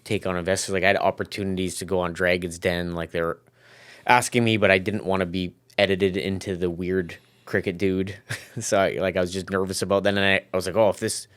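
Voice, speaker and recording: Low-voiced man talking business casually. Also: little pitch movement, fairly quick, fairly bright tone. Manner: rambling, many restarts and "like" fillers. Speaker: podcast guest, business founder. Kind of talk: casual conversational interview.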